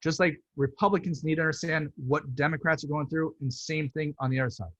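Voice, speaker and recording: A man's voice: on the high side, brisk, no room sound. A man, an artist, talking about his work in a virtual talk, telling stories and acting out what relatives said. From United States. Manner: animated storytelling, acts out quoted relatives. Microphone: computer mic on video call. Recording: dry, dull lo-fi video call audio.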